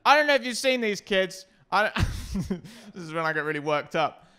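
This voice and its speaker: A man doing a stand-up comedy set, self-deprecating and hesitant with many ums, sometimes breaking into loud shouted bits. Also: high-pitched, expressive, normal speed, smooth.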